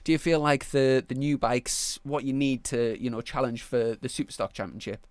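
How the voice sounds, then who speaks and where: Male podcast host, mid pitch, dry close sound, chatty and a little stumbling. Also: fairly even intonation, normal speed, clean tone, dry recording. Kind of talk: casual chat with ad read.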